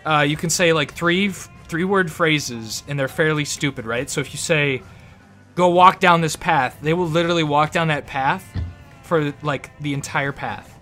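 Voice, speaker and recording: A game master narrating a tabletop game in an animated, rambling way with many fillers. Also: mid-range voice, moderate pace, faint music behind.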